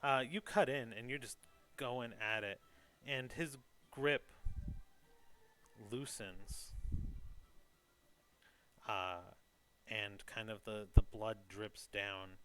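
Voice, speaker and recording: Bright-voiced man narrating as game master. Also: mid-range voice, extremely slow, pauses often, slight background noise. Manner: loose, descriptive, lots of "like" and "kind of".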